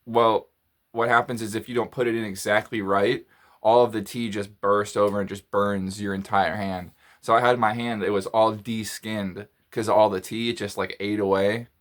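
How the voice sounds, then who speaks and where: A man's voice: lowish voice, flat delivery, moderate pace. A man telling a story in a casual monologue, rambling, repeating phrases and restarting his sentences. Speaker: podcast host.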